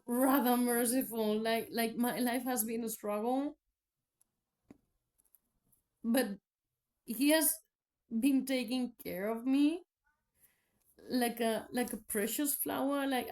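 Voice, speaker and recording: A woman's voice: on the high side, slow, pauses often, darkish tone. A woman whose first language is Spanish gives a personal faith testimony in a candid, rambling way, full of fillers and restarts. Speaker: vlogger.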